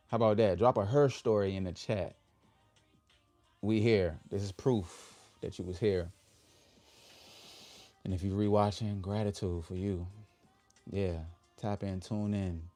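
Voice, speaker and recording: A man with hosting a motivational livestream, leading affirmations with his audience in an upbeat, drawn-out way. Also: fairly low pitch, dark tone, soft background music. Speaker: livestream host.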